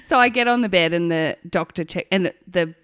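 A woman's voice: lowish voice, fairly quick, a bit bright, clean tone, no echo, clean studio sound. A woman telling a personal story in casual conversation, frank, swearing freely and laughing often. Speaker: guest sharing her birth story.

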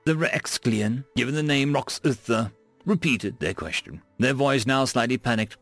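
A man narrating a science fiction story in an animated storytelling manner. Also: medium pitch, moderate pace, no echo, faint music behind.

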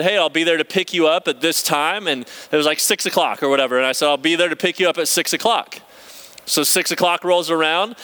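A young man preaching a sermon, telling personal stories in a conversational, animated way and reading scripture aloud. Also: on the high side. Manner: storytelling, conversational, animated retelling.

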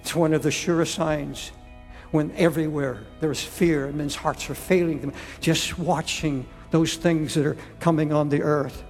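An older man preaching a sermon, pleading slowly and repeating words as he appeals to listeners. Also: a little high, steady tone, in a large hall, faint music behind.

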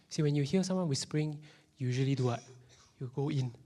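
A man in his thirties with a Singaporean English accent preaches a sermon in a church hall, speaking quickly in a mid-range voice. The pastor is animated, and now and then he drops to a whisper for emphasis.

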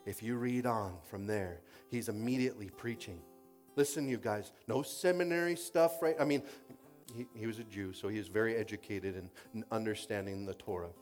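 Animated preacher man over soft guitar. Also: fairly low pitch, fairly quick. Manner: animated storytelling, acts out quoted voices, swings from loud to quiet. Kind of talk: sermon.

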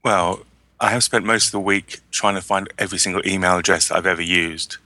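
A man co-hosting a chat podcast, teasing the others and spinning deadpan jokes. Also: low-pitched, brisk, dry recording. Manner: jokey, teasing, with deadpan tall tales. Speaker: podcast co-host.

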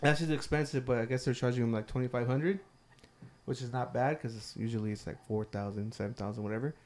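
A man from Riverside, California, tells a rambling story in a loose, swear-heavy chat. His voice sits at an ordinary middle pitch. He laughs along with his own tales. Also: fairly even intonation, fast talker, darkish tone. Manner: swears a lot, laughs while telling stories, acts out voices.

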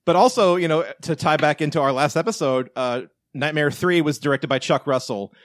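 A man co-hosting a casual podcast chat, animated and joking, with some swearing. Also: a little high, brisk, dry recording, clean studio sound. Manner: animated, profane, joking, breaks into shouted bits. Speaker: podcast co-host.

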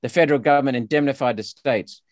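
An Australian politician, guesting on a podcast, talks fast in a mid-range voice, captured in clean, echo-free studio quality. He's emphatic and indignant, often restarting his sentences.

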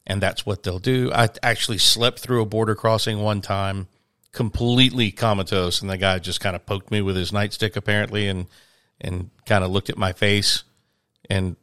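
In a casual chat, a male musician guest rambles through a lengthy story from touring, acting out each quoted voice. His fairly low voice is steady and a bit bright at a moderate pace, recorded at studio quality with no room sound.

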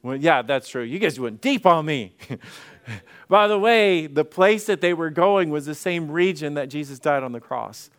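A man's voice: fairly high pitch, animated, measured pace, clean tone. A male pastor preaching an interactive sermon, acting out Bible scenes and putting questions to the congregation.

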